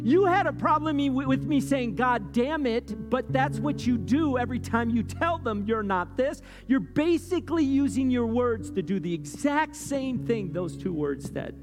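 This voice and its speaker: A man preaching a sermon in a loose, conversational way, often checking in with "right?" and climbing in pitch and volume as he gets worked up. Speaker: pastor. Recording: long hall reverb with guitar playing underneath.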